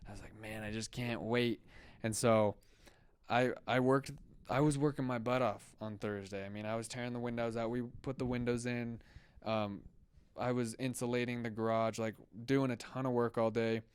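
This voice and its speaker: Smooth-voiced young man telling a story. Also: mid-range voice, steady tone, moderate pace, no room sound. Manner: loose and chatty, full of "like" fillers. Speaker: podcast co-host. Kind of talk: casual storytelling chat.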